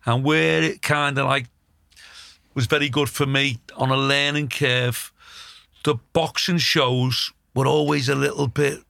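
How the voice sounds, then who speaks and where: Scouse comedian guy, middle-aged, gravelly edge, swears a lot, chatting. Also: mid-range voice, fairly even intonation, unhurried, sharp tone, dry recording. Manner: blunt, swearing storyteller. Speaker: comedian, podcast co-host. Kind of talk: casual chat.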